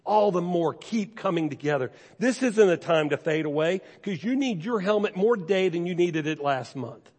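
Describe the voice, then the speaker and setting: A man's voice: sits high, expressive, normal speed, few pauses, darkish tone. A man preaching a sermon as pastor, speaking earnestly and conversationally, repeating key phrases to urge his listeners on. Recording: long reverb from a large hall.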